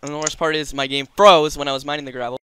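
A man's voice: a little high, steady tone, quick pace, bright, forceful tone, a little hiss or hum. A man hosting a casual gaming session from home, exclaiming often and grumbling about lag. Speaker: host and gamer.

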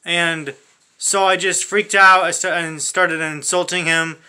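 High, bright ranting man. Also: steady tone, a little slow, clean tone. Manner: crude, swearing, ranting, frequent restarts. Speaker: comedy channel host. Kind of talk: profane comedic rant.

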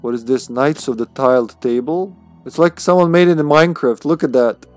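A man's voice: mid-range voice, brisk, a little mellow, faint music behind. A man streaming a video game, chatting casually and playfully, often laughing at himself. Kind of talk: casual gameplay commentary.

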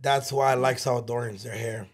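A man co-hosting a casual podcast, joking, excitable and swearing a lot. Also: mid-range voice, brisk. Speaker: podcast co-host. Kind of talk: casual chat.

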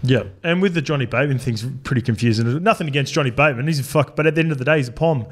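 A man's voice: mid-range voice, very fast. A man co-hosting a sports podcast, chatting casually and bluntly with frequent swearing. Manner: blunt and loose, swears freely. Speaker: podcast co-host.

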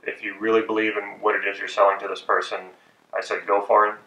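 A man teaching persuasion techniques in a measured, deliberate way with pauses. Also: on the low side, completely flat delivery, bright, forceful tone. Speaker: persuasion and hypnosis instructor. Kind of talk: instructional talk. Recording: echoey room, distant from mic.

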